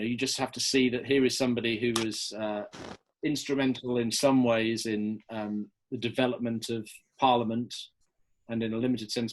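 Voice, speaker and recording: A man answering history questions as a podcast guest, chatty and enthusiastic with loose restarts. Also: mid-range voice. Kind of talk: casual podcast Q&A.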